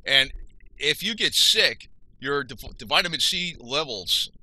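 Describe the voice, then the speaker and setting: A man's voice: a little high, animated, unhurried, bright, forceful tone, poor audio. A man giving an unscripted health talk, rambling with frequent restarts and self-corrections.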